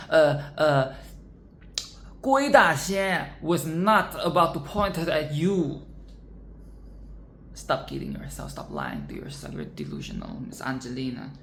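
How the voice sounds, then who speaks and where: Young woman reviewing a film, low voice, emphatic and swearing, echoey room. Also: a little hiss or hum. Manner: emphatic, profane, repeats "okay?".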